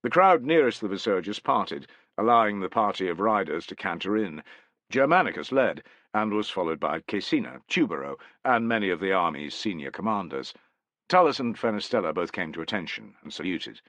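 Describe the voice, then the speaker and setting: A man narrating a war audiobook with an expressive, dramatic reading. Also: low-pitched, fairly quick, no room sound.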